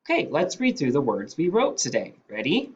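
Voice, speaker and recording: A male teacher leading a phonics dictation lesson, sounding out words slowly and deliberately. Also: on the high side, wildly swooping pitch, muffled recording.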